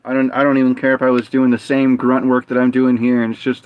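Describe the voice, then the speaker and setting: Male streamer, mid-pitched, telling loose rambling stories; close dry mic with a dull lo-fi tone. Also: monotone, fast, few pauses, smooth, no room sound. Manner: rambling anecdotes with many fillers and restarts. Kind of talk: casual storytelling chat.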